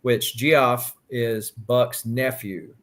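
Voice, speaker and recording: A man in a casual chat, calmly filling in background details. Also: mid-range voice, extremely slow. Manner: adds background facts, relaxed.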